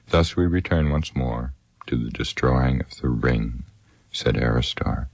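Very deep-voiced man reading a story. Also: fairly even intonation, darkish tone, no room sound. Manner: measured, grave storytelling, lifting pitch for characters. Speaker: audiobook narrator. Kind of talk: scripted narration with character voices.

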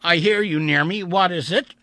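A man's voice: sits high, normal speed, bright, forceful tone, no room sound, pitched above the performer's own voice. A man voicing an austere, cynical blind older male mathematician who speaks in a wry, theatrical way.

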